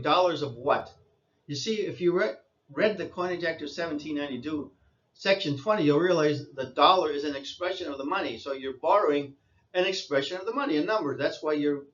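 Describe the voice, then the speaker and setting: A man's voice: a little high, fairly bright tone, highs cut off. A man giving an insistent lecturing monologue, repeating his points and scolding listeners. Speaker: commentator.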